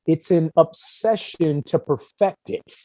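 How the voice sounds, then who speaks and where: A young adult man, a guest actor, chatting casually and telling stories in an animated, talkative way. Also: on the high side, slow pace, no room sound, poor audio. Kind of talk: casual podcast chat.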